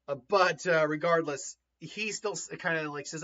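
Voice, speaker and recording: A man casually retelling a story in an animated way, often laughing and acting out voices, on a dull lo-fi recording. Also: on the high side, normal speed.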